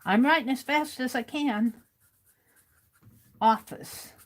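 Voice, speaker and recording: A woman's voice: on the high side, very animated, slow, long pauses, slightly rough. A woman hosting a livestream, reading viewers' comments aloud and chatting casually while she writes. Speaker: livestream host.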